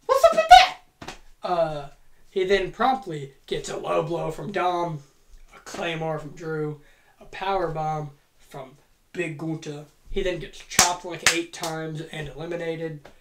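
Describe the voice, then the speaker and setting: Casual booking-narration host: rambling, profane, self-mocking, mid-pitched voice, echoey room. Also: steady tone, takes it slowly, a bit bright, slight background noise. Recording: roomy echo.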